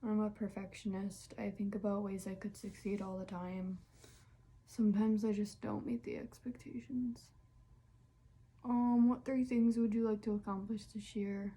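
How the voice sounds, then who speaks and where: Soft-spoken young woman with a gravelly edge. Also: medium pitch, steady tone, moderate pace. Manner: chatty, candid, lots of fillers. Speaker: vlogger. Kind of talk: casual solo vlog answering questions.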